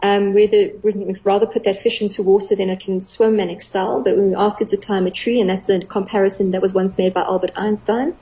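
A middle-aged woman, a clinical psychologist, explaining earnestly on a radio talk show, with gentle playful examples. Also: mid-range voice, flat delivery, fairly quick, few pauses, rough recording.

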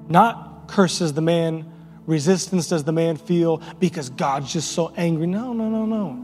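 Slow, high-voiced pastor preaching. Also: male voice. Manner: impassioned preaching, repeats words, builds to crescendos. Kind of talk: sermon. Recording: long reverb in a large hall, faint music.

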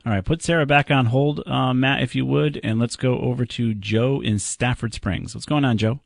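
A man hosting a call-in tech radio show, giving quick, plainspoken, jokey practical advice to callers. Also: mid-range voice, fairly even intonation, creaky, dry recording, studio quality. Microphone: studio microphone.

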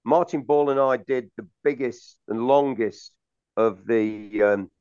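A man hosting a casual interview, speaking hesitantly with many pauses and fillers. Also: mid-range voice, a little mellow, clean tone, no echo. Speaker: host. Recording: dry, muffled lo-fi audio.

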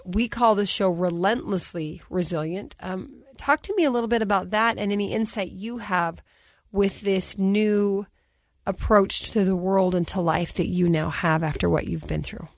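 A woman's voice: mid-range voice, moderate pace, no echo. A woman in her forties hosting a podcast in a studio, telling stories candidly and expressively. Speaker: podcast host. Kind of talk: podcast conversation. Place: recording studio.

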